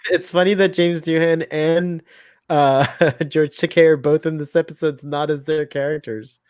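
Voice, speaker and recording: A man's voice: on the high side, steady tone, normal speed, a little mellow, clear, resonant tone, no echo, clean studio sound. A man co-hosting a casual fan commentary, chatty, laughing often and rambling off into asides. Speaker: podcast co-host.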